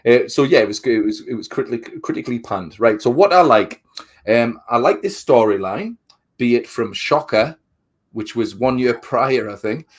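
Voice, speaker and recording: A man's voice: mid-range voice, lively intonation, moderate pace. A man co-hosting a casual film review chat. He swears often, acts out quotes, and repeats words while he thinks. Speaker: podcast co-host.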